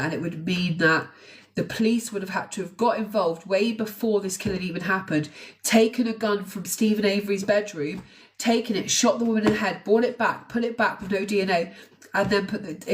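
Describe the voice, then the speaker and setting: A woman's voice: mid-range voice, fairly quick, a little hiss or hum. A woman hosting a true crime livestream, talking to viewers in a conversational, hesitant way with restarts and asides. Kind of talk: casual livestream commentary. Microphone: phone on a live stream. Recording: voice a little away from the mic.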